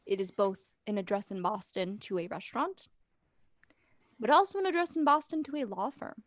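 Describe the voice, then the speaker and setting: A woman's voice: mid-range voice, normal speed, dry recording. A woman narrating as game master for a tabletop game, chatty and self-deprecating, on a close mic.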